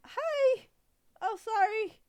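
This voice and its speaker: Brief: woman voicing a hyper goblin kid, breathless chatter, sky-high pitch. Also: animated, extremely slow, darkish tone, full character voice. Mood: excited. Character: excitable little goblin girl, playful child. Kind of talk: tabletop role-play.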